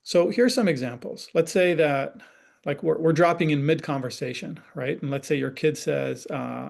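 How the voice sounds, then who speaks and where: A man talks parents through examples in a relaxed, explanatory online session. His voice sits a little high and carries a gravelly edge. He keeps checking in with his listeners and slips into quoted dialogue to act out the examples. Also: normal speed. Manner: conversational, often checks in with "right?". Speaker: parenting educator and forum guest.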